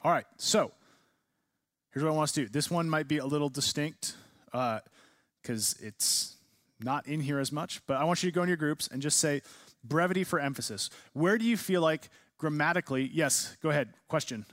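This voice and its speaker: A man's voice: fairly high pitch, moderate pace, a bit bright, no echo, clean studio sound. A man teaching a class, leading a discussion and asking students many questions. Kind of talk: classroom lecture.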